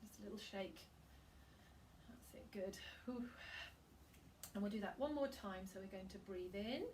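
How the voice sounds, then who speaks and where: A woman singing teacher gently guiding a breathing and vocal warm-up, giving calm, encouraging instructions. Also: medium pitch, moderate pace, recorded from a distance, a little hiss or hum.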